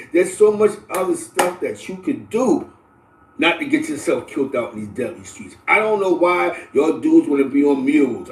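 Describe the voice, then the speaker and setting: A middle-aged New man with a fairly high voice hosts a casual livestream, lecturing his viewers in lively street slang. He keeps checking in with "you know what I'm saying". The voice sounds echoey, as if he sits well back from the mic in a bare room. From the Bronx, New York. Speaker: livestream host. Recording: roomy, distant from the mic.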